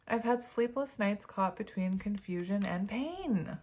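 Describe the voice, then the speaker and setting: A woman's voice: medium pitch, expressive, slow, a little hiss or hum. A woman reading tarot cards to her viewers in a casual, chatty way, often laughing as she reads the card messages aloud. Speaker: tarot reader.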